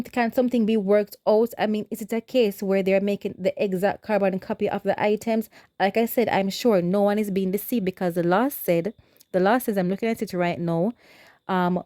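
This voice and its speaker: A woman's voice: mid-range voice, warm tone, no echo, studio quality. A Jamaican woman hosting casual gossip commentary, chatty and skeptical with many ums. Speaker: commentator host.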